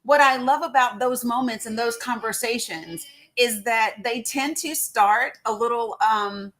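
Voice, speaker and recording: Speaking a bit slowly in a high, fairly bright voice, this woman hosts a social audio livestream. Chatty and full of fillers, she welcomes her listeners by name.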